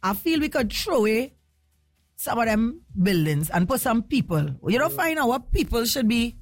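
A woman with a Trinidadian accent hosts a casual morning radio chat. Her voice sits a little high, and she talks in an excitable, emotional way with plenty of laughter. Faint music plays underneath. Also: moderate pace. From Trinidad and Tobago. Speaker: radio show host.

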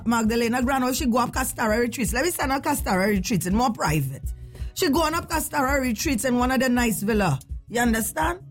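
On her casual talk radio show, a high-voiced host from Trinidad and Tobago chats animatedly in her Trinidadian accent, dropping into local dialect now and then.

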